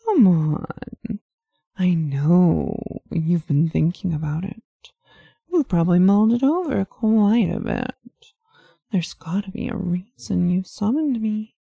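A woman voicing a seductive, teasing female demon who speaks in a slow, purring way. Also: fairly low pitch, expressive, gravelly, slightly rough, no echo, dull audio, voice pushed up, full character voice. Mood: coaxing.

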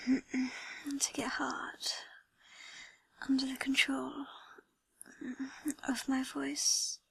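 A woman in a whispered role-play with a breathy whisper, talking slowly in a teasing, commanding way. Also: high-pitched, completely flat delivery, a bit bright, dry recording. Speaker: erotic audio performer.

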